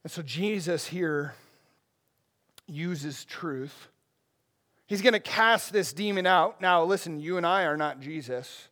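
A man whose voice sits on the high side preaches an expository sermon slowly, leaving long pauses. He stays conversational and animated, often stepping aside to speak to the congregation.

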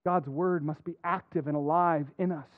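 A man preaching a sermon as a pastor, earnest, dropping soft and then rising to emphatic points. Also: fairly high pitch, steady tone, moderate pace, dry recording. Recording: dry phone-like narrow sound.

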